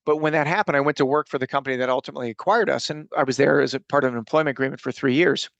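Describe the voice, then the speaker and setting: A man's voice: mid-range voice, very fast, creaky, a bit bright, no echo, highs cut off. A middle-aged man telling personal stories as a podcast guest, earnest and rambling with frequent restarts. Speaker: podcast guest, coach and speaker. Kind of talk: casual interview storytelling.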